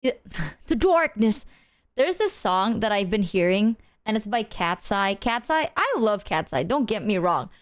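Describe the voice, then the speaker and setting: A woman's voice: medium pitch, sing-song, unhurried. A woman streamer chatting casually with her viewers, playful and swearing freely, breaking into silly sung bits.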